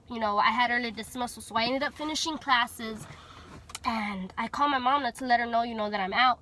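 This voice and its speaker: A woman's voice: on the high side, bright, forceful tone. A young woman from Texas telling a personal story in a chatty way, full of fillers and acted-out dialogue. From Houston, Texas. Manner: chatty, many fillers, acts out quoted dialogue. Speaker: vlogger telling her story. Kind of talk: casual storytelling.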